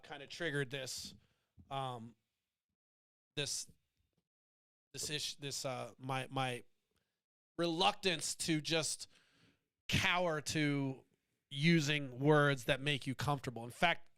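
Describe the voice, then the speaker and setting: This podcast host has a high, bright, clean male voice with a clear, resonant tone. He launches a profane political rant meant to provoke, blunt and unapologetic, wandering onto tangents before shrugging his way back.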